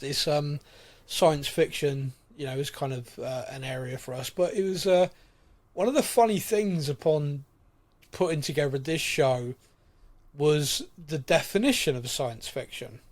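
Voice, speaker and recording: Middle-aged male podcast host, slightly high voice, chatty and rambling. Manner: chatty, rambling, laughs easily. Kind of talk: casual chat.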